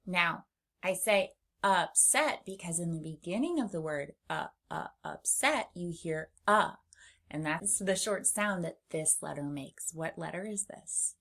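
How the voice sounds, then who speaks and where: A woman teaching a children's phonics lesson, upbeat and clear, modelling each sound slowly. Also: deep voice, a bit bright.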